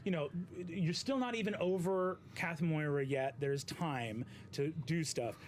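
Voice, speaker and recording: A man running a tabletop game as game master, lively and quick to laugh, with many fillers. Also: fairly high pitch, slight background noise.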